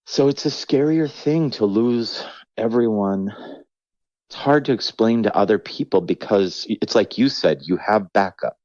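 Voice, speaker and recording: Low-voiced reflective middle-aged man. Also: animated, a little slow, a little mellow, dry recording, muffled recording. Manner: reflective, rambling, acts out quoted voices. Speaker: comedian guest. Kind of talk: candid podcast conversation.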